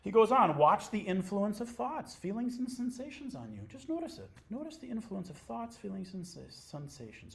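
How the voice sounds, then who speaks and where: A middle-aged man, a Zen teacher, giving a dharma talk at a retreat in an intimate, playful way, dropping to near-whispers and then rising into excited exclamations. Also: sits high, quick pace, vocal fry, few pauses.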